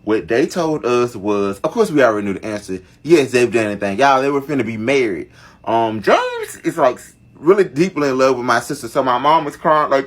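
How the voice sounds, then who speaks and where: A young storyteller vlogger narrates a dramatic family story to his viewers in a chatty, casual storytime style. His medium-pitched voice is animated and a little fast.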